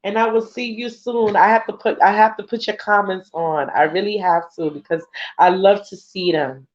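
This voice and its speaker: An effusive, emotional woman talks straight to her followers in a loose, laughing, heartfelt way. Her voice sits at a middle pitch. It comes through a slightly dull, lo-fi recording. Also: fairly even intonation, moderate pace. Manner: emotional and effusive, swears casually; laughs often, with a loose conversational rhythm. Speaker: spiritual vlogger addressing followers. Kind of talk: casual heartfelt talk.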